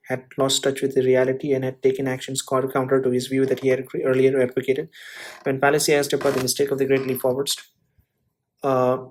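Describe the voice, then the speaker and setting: A man reading a history book aloud, halting and correcting himself as he stumbles over words. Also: medium pitch, darkish tone.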